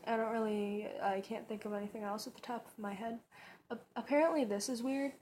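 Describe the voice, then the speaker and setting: A woman with a fairly high, darkish voice and fairly even intonation speaks fairly quickly, casually rambling through a tag video in her bedroom. She uses lots of fillers and restarts, and slight background noise is audible.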